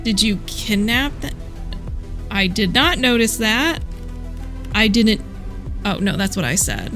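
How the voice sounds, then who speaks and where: A woman streaming a mystery game, jumpy and excitable, easily spooked as she plays. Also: medium pitch, takes it slowly, long pauses, faint music behind. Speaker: gaming streamer. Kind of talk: let's play commentary.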